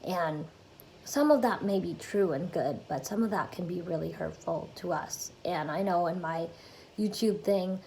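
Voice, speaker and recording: A woman's voice: fairly low pitch, a little slow, a little mellow, a little hiss or hum. A woman giving a casual, earnest self-help talk to her channel's viewers, chatty and full of fillers. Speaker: YouTuber.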